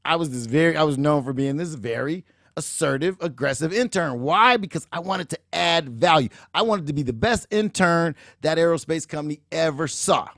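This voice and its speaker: A middle-aged man hosting a show, telling a motivational story in an animated, emphatic way and acting out the dialogue. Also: on the high side, moderate pace, dry recording, clean studio sound. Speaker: show host, motivational speaker.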